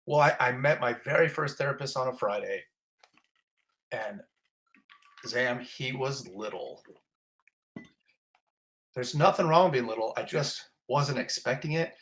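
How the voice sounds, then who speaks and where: In a relaxed interview, a middle-aged fire captain recounts a story at a slightly slow pace, pausing often in a medium-pitched voice. Self-mocking and lively, he plays out the lines people said.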